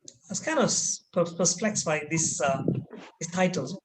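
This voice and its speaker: A man telling a personal story as a trainer, animated and dramatic with hesitant fillers, over a video call. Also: fairly high pitch, normal speed, noisy background. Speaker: corporate trainer.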